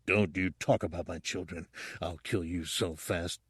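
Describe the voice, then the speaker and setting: A man's voice: sits low, fairly even intonation, measured pace, a bit bright, husky, no echo, clean studio sound, pitched below the performer's own voice, full character voice. A man voicing a desperate smuggler and father, speaking in a tense, strained voice. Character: desperate male smuggler, father, furious and out of breath.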